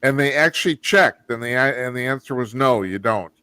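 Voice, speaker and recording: A man's voice: mid-range voice, lively intonation, moderate pace, bright, forceful tone, smooth, no echo. Loose, chuckling male radio host. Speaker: radio talk show host. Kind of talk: call-in radio panel chat.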